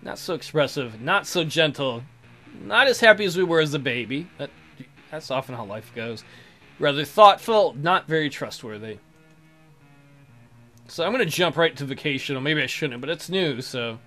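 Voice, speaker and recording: A young man casually commenting on a game and reading its text aloud, sardonic and crude, swinging between mumbled asides and loud outbursts. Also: on the high side, moderate pace, faint music behind. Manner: sardonic, swears freely, jumps between deadpan mutters and loud outbursts. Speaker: let's play commentator.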